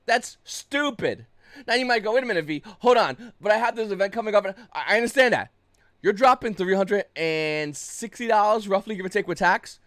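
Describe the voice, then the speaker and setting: Fast, animated man ranting bluntly. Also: fairly high pitch, no room sound. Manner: blunt, profane, gets agitated and loud. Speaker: YouTube card game market commentator. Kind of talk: casual ranting commentary.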